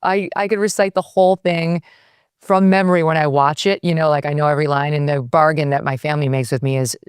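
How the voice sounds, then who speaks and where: A woman's voice: deep voice, steady tone, fast, smooth, dry recording, studio quality. A woman in her fifties chatting animatedly as a guest in an interview. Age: 50s. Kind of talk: casual interview chat.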